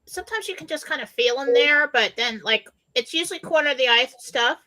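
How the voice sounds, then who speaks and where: Bright-voiced laughing woman storyteller. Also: high voice, fairly quick. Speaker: co-host. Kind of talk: casual chat, storytelling.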